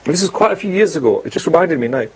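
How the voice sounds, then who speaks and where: Man, religious talk show host, earnest and insistent, high voice, rapid delivery. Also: animated, husky, poor audio. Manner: earnest, storytelling with repeated emphasis.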